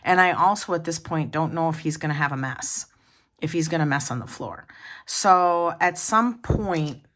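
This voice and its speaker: A woman with a slightly low-pitched voice chats casually to her viewers in a home vlog. She rambles, restarts her sentences and wanders into asides as she talks. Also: moderate pace, a bit bright. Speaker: planner vlogger.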